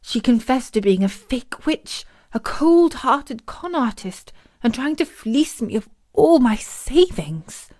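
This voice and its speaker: Brief: a confused lady client, read by a woman, hushed and bewildered. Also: sits high, very animated, slow, hardly any pauses, no room sound, pitched above the performer's own voice, exaggerated voice.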